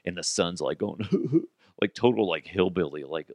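A man tells stories in a casual, animated way, swearing freely and laughing between lines. His voice sits low with a gravelly edge and swings widely in pitch. The sound is close and dry, with no room around it. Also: normal speed, no room sound. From Colorado, United States. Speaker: podcast host. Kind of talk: casual storytelling.

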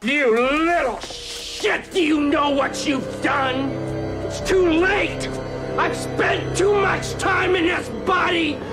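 A man's voice: very high voice, slow pace, over music. An actor playing a furious male killer doll trapped in a toy's body, screaming harshly in a horror film clip.

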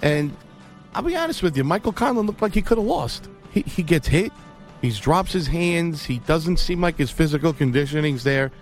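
Guy on a boxing podcast, kinda high voice, blunt and emphatic, faint music behind. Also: expressive. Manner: blunt, emphatic, rapid opinions. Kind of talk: opinionated casual chat.

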